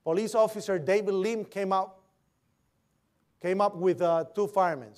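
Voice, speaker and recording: A man's voice: sits high, steady tone, moderate pace, a little mellow. A man giving an eyewitness account as vivid storytelling, imitating the sounds and voices he heard. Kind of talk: recounting a personal account.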